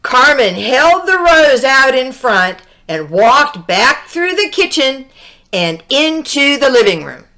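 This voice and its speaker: A woman reads a children's storybook aloud in a high voice, stretching her words expressively and slipping in small asides to whoever's listening.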